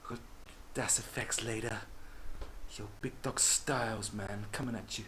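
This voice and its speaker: A man's voice: on the low side, steady tone, a little slow, sharp tone, a little hiss or hum. A man doing an impression of a male hip-hop radio DJ, with slangy DJ patter. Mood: laid-back. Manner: slangy laid-back DJ patter.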